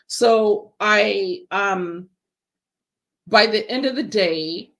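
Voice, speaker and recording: A woman with a medium-pitched voice speaks very slowly yet animatedly, swearing freely and acting out quoted dialogue. She's a horror writer and event creator appearing as a guest on a podcast interview, telling stories casually.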